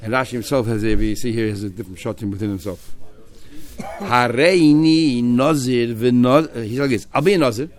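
Animated man teaching a text class. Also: on the low side, rapid-fire, hardly any pauses. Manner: animated, acting out the speakers he quotes.

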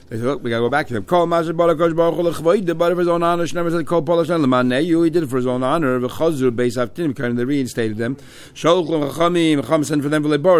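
Fast-talking man teaching Talmud. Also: a little high, smooth. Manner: reads Hebrew and Aramaic phrases then explains in English. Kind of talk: Talmud study class, reading and translating.

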